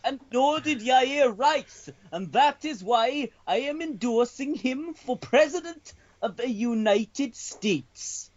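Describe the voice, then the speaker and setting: A squeaky mock-Welsh newsreader. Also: male voice, expressive, heavily acted. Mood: mock solemn. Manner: halting, giggling, slow and pompous. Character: high-voiced male Welsh newsreader doing a minister. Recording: dull lo-fi sound.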